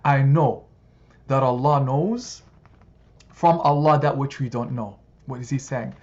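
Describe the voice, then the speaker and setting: A man giving a heartfelt religious lesson to a study circle, expressive and rising to emphatic peaks. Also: measured pace. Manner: expressive, builds to emphatic high points. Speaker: religious teacher. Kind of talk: sermon-style study circle talk. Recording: slightly dull sound, faint background noise.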